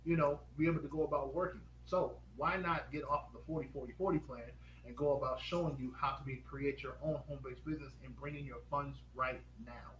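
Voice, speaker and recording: A man's voice: medium pitch, fairly even intonation, fairly bright tone. Upbeat man hosting a live stream. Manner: upbeat, quizzing viewers with rapid questions. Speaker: host. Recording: echoey room with faint noise.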